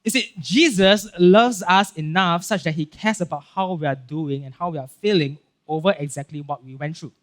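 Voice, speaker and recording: A male pastor with a Singaporean English accent giving a casual, animated sermon, acting out Bible scenes and checking in with "right?" and "okay?". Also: a little high, normal speed, hardly any pauses. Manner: casual filler-heavy talk with frequent "right?" and "okay?".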